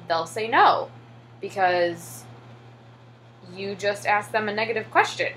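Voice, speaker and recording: A chatty young woman from the United States talks to camera in a casual vlog, full of "like" and "um". Her voice sits at a middle pitch. A faint hum runs underneath the recording. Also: measured pace, fairly bright tone, poor audio. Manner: chatty, many fillers and "like"; acts out children's voices when telling stories. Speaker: English teacher in Korea.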